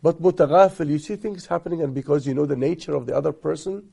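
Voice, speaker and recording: A middle-aged man from Egypt, a guest sheikh giving relaxed, soft-spoken marriage advice full of stories and amused asides. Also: a little high, fast, gravelly, slightly rough.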